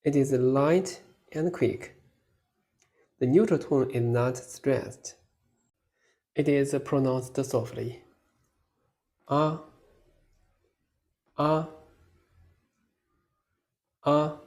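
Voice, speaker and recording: A man leads a beginners' pronunciation lesson at an extremely slow, careful pace. His voice sits at an ordinary middle pitch, and he stretches out each model syllable so the listener can copy it. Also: steady tone, warm tone. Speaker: language teacher.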